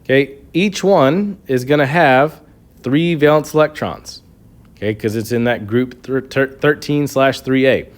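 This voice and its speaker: A man's voice: medium pitch, unhurried. A man teaching a chemistry review lesson, explaining step by step with a patient manner and frequent checks of "okay". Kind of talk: recorded classroom review lesson.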